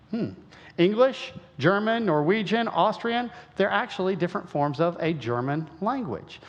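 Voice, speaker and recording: A man from Western Illinois giving a folksy, conversational lecture with lots of rhetorical questions. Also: high voice. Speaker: creationist speaker. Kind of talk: lecture-style talk. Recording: muffled sound with long hall reverb.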